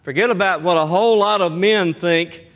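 A middle-aged man preaching a sermon as pastor, emphatic and slowing down to stress key phrases. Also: high-pitched, a bit bright.

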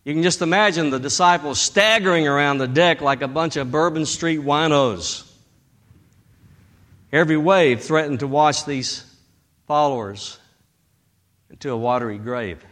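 A man, his voice sitting a bit high, preaches a sermon with vivid drama. He swings from loud, rising bursts down to near-whispered lines. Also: moderate pace, long pauses. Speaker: pastor.

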